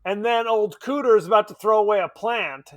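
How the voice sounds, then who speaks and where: A man's voice: high-pitched, fairly quick, dry recording, clean studio sound. A man co-hosting a podcast, chatting casually and animatedly about a horror film, laughing and swearing. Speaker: podcast co-host.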